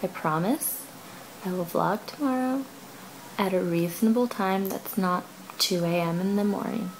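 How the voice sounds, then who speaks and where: Giggly young woman rambling, gravelly voice. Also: mid-range voice, normal speed, slight background noise, rough recording. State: slightly out of breath. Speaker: vlogger. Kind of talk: casual late-night vlog. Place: bedroom of an apartment at night.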